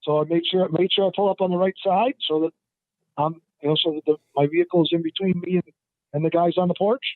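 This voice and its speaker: A man's voice: steady tone, quick pace, dry recording. A man, a guest appraiser, telling stories in a casual interview, rambling with many fillers and restarts. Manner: acts out the people in his stories in a higher voice. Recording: dry, tinny phone line.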